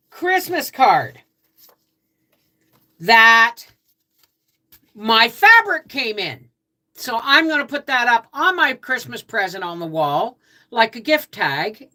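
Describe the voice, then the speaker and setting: Chatty woman hosting a livestream. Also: a little high. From Canada. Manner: chatty, greets viewers warmly by name. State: just out of bed. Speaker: livestream host. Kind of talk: casual livestream chat.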